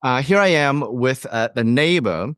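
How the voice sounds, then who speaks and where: Bumbling field reporter played by a man, stammers through with many uhs, mid-pitched voice. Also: expressive, measured pace, a bit bright, no echo, studio quality. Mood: earnest. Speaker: podcast co-host. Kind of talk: improvised comedy sketch.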